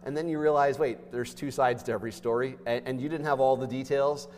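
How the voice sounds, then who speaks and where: A man preaching a sermon as pastor, with emphatic delivery that swings between loud stresses and hushed asides. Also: mid-range voice, fairly even intonation, a little fast. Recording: long hall reverb.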